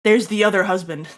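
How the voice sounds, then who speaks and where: A woman's voice: on the high side, a bit bright. A young adult woman streaming, chatting casually to her viewers in a rambling way, swearing freely and laughing often. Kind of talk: casual live-stream chat.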